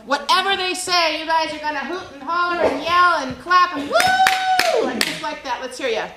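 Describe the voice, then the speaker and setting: A woman's voice: high-pitched, moderate pace. A woman hosting a live improv show, upbeat and laughing as she sets up games for the audience. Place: large hall with live audience. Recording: echoey hall, crowd noise.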